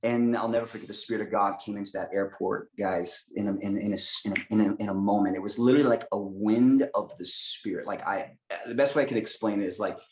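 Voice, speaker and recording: A man's voice: fairly low pitch, roomy sound, poor audio. A young adult man from the United States, telling an emotional faith story with lots of fillers. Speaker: guest missionary. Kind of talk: storytelling testimony.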